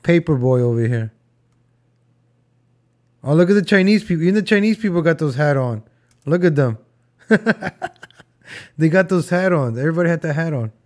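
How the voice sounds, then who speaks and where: A young man with a fairly high voice riffs on old film clips. He jokes and rambles, and he talks to his viewers as "guys" and "folks". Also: lively intonation, brisk, pauses often, a little mellow. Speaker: video host reacting to old footage. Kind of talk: casual reaction commentary.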